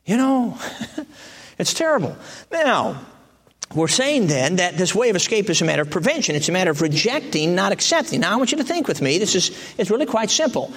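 A man preaching a sermon in a conversational way, jumping to emphatic high peaks and then dropping to soft, hushed lines. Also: big pitch swings, brisk, breathy edge. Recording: long reverb of a large hall.

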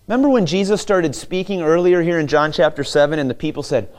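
A man's voice: fairly high pitch, fast talker, hardly any pauses. A man preaching a sermon, asking rhetorical questions and acting out quoted voices. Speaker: pastor.

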